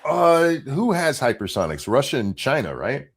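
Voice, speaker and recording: A man's voice: mid-range voice, very animated, normal speed, vocal fry, breathy edge. A man co-hosting a casual political chat show, talking bluntly and with profanity, often restarting his sentences. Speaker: show co-host.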